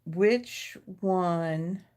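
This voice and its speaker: This woman's lowish, slightly mellow voice moves extremely slowly as she hosts a live card-making stream from her home craft studio. She chats casually, thanks viewers by name, and describes her table as she tidies the desk.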